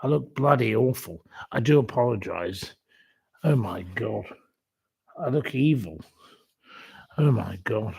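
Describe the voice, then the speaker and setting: Over a computer webcam mic, a man hosts a laid-back live stream and runs a quiz, chatting a lot, apologizing often, and swearing now and then. His medium-pitched voice is gravelly and husky, with no echo.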